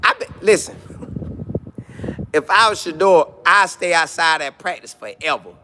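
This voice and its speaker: A man's voice: fairly high pitch, measured pace, a little hiss or hum. A man chatting casually on a live stream, reading comments and riffing with jokes and repeated lines. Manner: animated, jokey, repeats lines, mock voices.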